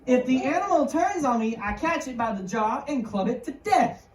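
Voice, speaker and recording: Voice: high voice, expressive, normal speed, a little hiss or hum. A woman voicing a bold young male shepherd in a sermon retelling, speaking casually and confidently. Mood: determined. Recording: roomy hall, mic far off.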